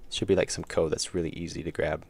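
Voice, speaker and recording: An American man live-streams his game development, thinking aloud and mumbling through his code as he works while chatting with viewers. His deep voice is fast and level, with vocal fry, and there's a little hiss or hum.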